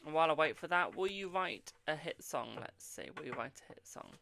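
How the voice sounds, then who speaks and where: A man's voice: a little high, animated, fairly quick, creaky, sharp tone, slight background noise. A man hosting a live-stream psychic reading, chatting casually and affectionately calling viewers boo and darling. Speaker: psychic tarot reader and host.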